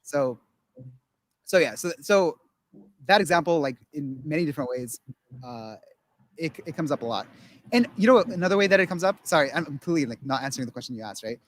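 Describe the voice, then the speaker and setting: A man's voice: a little high, lively intonation, brisk, no room sound. A man talking casually on a podcast, rambling with many restarts and acting out quotes of other people. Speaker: guest.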